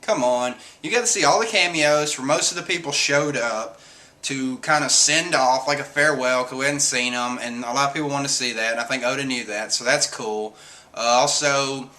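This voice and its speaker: Chatty man, bright voice. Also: mid-range voice, normal speed. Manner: rambling, filler-heavy, acts out quotes. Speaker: manga reviewer. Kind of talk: casual chat review.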